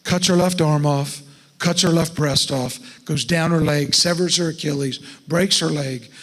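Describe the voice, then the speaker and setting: A man's voice: fairly high pitch, fairly even intonation, a little slow, a bit bright, long reverb tail, poor audio. A middle-aged man giving a folksy seminar talk to a church congregation, often putting questions to the audience. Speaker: estate planning speaker at a church. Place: church sanctuary.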